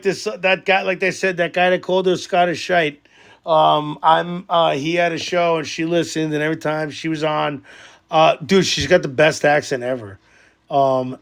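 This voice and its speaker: A man co-hosting a podcast remotely in loud, profane, laugh-filled casual banter. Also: fairly high pitch, gravelly. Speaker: podcast co-host.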